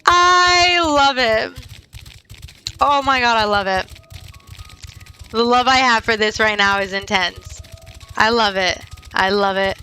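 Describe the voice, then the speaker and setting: A woman streaming a video game, giggling, getting excited and croaking frog noises as she plays. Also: mid-range voice, unhurried, long pauses, soft background music. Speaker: gaming streamer. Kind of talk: casual gameplay commentary.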